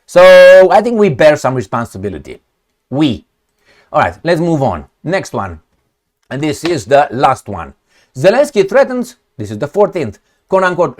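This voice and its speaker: Sarcastic, profane man with a lively voice. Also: fairly high pitch. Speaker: political commentator. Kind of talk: ranting commentary on news clips.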